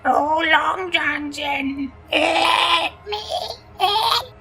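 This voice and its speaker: Shrill inhuman creature, halting, off-rhythm, like a talking cat, horror story. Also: male voice, bright, forceful tone, soft background music, full character voice. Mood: eerie pleading. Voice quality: halting, weirdly toned, no natural rhythm.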